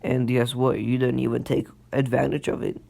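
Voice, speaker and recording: A man voicing a brooding teenage demon ninja who taunts his rival in low, menacing lines. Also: little pitch movement, moderate pace, vocal fry, a little mellow. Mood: taunting.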